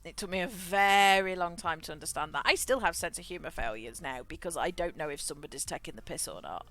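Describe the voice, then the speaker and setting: A woman's voice: fairly low pitch, quick pace, sharp tone, faint music behind. A woman streaming a game, chatting frankly, swearing freely and laughing often. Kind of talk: casual chat while gaming.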